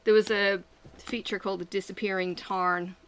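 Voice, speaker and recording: A woman's voice: medium pitch, little pitch movement, moderate pace, fairly bright tone, clean tone. A middle-aged woman chatting candidly and rambling as she works, swearing freely. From Australia. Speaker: vlogger. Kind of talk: casual chat while working.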